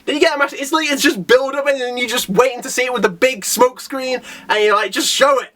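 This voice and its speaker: A young man in a casual manga chapter review, excitable and rambling, who laughs often and breaks into character voices. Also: very high-pitched, fast talker.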